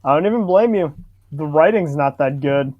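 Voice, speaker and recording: A man's voice: fairly high pitch, expressive, normal speed, no echo, narrow, tinny audio. A man co-hosting a stream, chatting casually and agreeing in a dry way. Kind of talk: casual chat.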